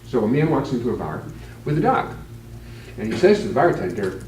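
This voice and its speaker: A man, a physician, giving a conference talk on leadership with a joke, in a relaxed, plain-spoken storytelling way. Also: medium pitch, fairly quick. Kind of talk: conference lecture with jokes. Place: meeting room with a live audience. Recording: echoey, distant, noisy room recording.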